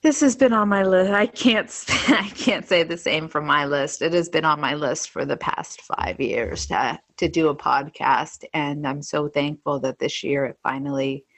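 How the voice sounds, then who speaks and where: A woman's voice: low voice, normal speed, hardly any pauses. A woman co-hosting a podcast in casual chat, playful and teasing in her remarks. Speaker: podcast co-host.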